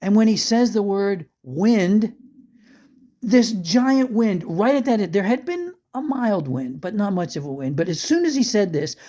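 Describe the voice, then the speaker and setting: Man, storyteller, warm relaxed tone, rambling with restarts, chuckling. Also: high-pitched, unhurried. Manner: conversational, rambling with restarts and asides; chuckles through funny moments. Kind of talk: spoken storytelling.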